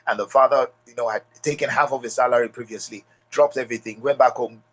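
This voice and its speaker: Husky Nigerian man giving motivational talk. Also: mid-range voice, steady tone, fast talker, fairly bright tone. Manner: emphatic, repeats key lines, addresses audience directly. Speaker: leadership speaker.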